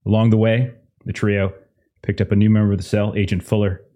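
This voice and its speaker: A man's voice: on the low side, level tone, fairly quick, dark tone. A man running a tabletop game as game master, casually swearing and mock-stern with his players before reading a recap.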